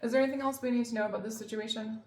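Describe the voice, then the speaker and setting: A woman's voice: fairly high pitch, fairly even intonation, racing, a little mellow, slight background noise. A woman giving a casual tarot reading, chatty and emphatic, with lots of fillers and the odd swear word. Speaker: tarot reader. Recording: echoey room.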